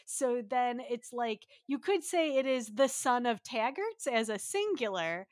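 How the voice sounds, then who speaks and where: A woman's voice: fairly high pitch, lively intonation, no echo, clean studio sound. Playful young woman podcast cohost. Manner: playful, jokey, quick asides. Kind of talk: casual recap chat.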